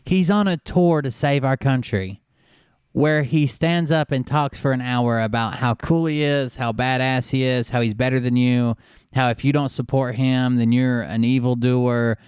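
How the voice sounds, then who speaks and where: A man's voice: medium pitch, steady tone, normal speed, a little mellow, clean tone, dry recording, clean studio sound. A man hosting a show, giving casual, mocking commentary on clips. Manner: mocking, sarcastic.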